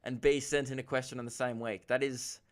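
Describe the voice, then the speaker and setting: An Australian man in his twenties hosts a comedy podcast, answering listener questions in a rambling, self-mocking style full of quick asides and laughs. His voice is medium-pitched with little pitch movement.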